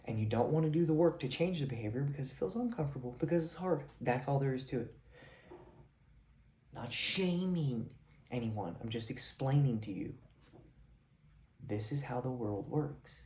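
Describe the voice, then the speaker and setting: A man's voice: medium pitch, normal speed, pauses often, a little mellow, a little hiss or hum. A man delivering a blunt, profane motivational rant straight at his viewers. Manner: blunt, swearing, confrontational. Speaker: video creator. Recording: echoey room.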